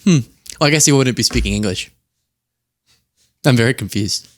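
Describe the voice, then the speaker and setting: A man hosting casual political commentary, sarcastic and quick to laugh. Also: mid-range voice, no room sound. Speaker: host.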